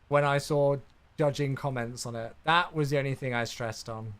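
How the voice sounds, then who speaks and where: A man's voice: medium pitch, moderate pace, fairly bright tone, clean tone. A young man chatting casually on a live stream while flying a simulator, reacting aloud and answering viewers. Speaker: flight sim streamer.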